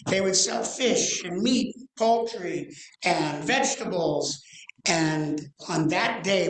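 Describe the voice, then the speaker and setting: A man in his sixties, a guest rabbi giving a storytelling sermon, animated and slowing into drawn-out dramatic pauses. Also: high-pitched. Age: 60s. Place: church sanctuary. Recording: roomy church echo.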